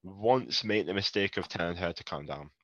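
Male host, low voice, dull close recording, casual. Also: normal speed, no room sound. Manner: chatty, laughs often, tells anecdotes. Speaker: podcast host. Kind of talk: casual chat about wrestling.

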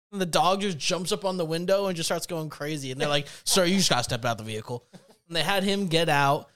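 A man's voice: a little high, a bit bright, clean tone. A young man casually telling a rambling story on a podcast, full of fillers and laughs. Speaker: podcast co-host.

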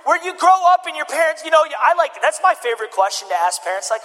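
A man's voice: extremely high pitch, big pitch swings, quick pace, bright, forceful tone, in a large hall, low-quality recording. A male pastor in his thirties preaching a sermon in a loose, conversational, joking storytelling way.

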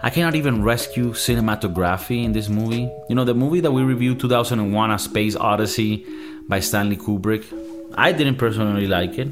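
Lowish-voiced man ranting profanely. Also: a little fast, over music. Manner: profane, exasperated, rambling. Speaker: movie review host. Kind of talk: casual ranting review.

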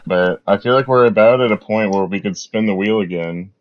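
A man co-hosting a movie podcast, calmly walking through the plot step by step. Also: lowish voice, highs cut off, slight background noise. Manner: slow, even plot recapping. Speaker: podcast co-host. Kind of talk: casual movie recap.

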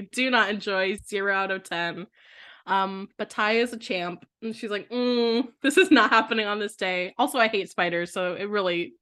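A woman's voice: a little high, a bit bright. A young woman co-hosting a podcast, chatting casually with giggly, slangy, rambling storytelling. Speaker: podcast co-host. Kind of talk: casual chat.

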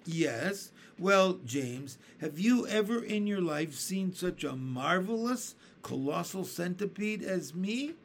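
A man's voice: high-pitched, expressive, slow pace, few pauses, slight background noise, voice pushed up, heavily acted. A man reading a boastful cheeky giant centipede. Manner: boastful, teasing. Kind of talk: children's storybook reading.

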